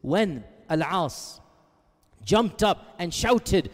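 A man's voice: sits high, expressive, normal speed, a little mellow. A man preaching a sermon, explaining Arabic terms and driving points home with emphatic repetition. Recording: long reverb of a hall.

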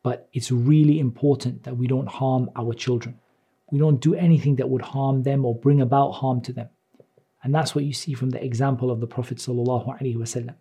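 A man giving a religious lecture. He reads lines of Arabic, then translates and explains them in English at a measured pace, repeating phrases as he goes. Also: mid-range voice, fairly even intonation, mellow, husky. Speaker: Islamic teacher.

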